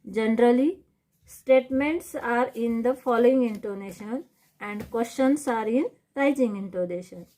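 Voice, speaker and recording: A woman teaching a lesson on reading techniques, defining each term slowly and repeating it. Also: a little high, a little mellow. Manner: slow, repetitive, defining terms one by one. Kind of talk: classroom lecture on reading techniques.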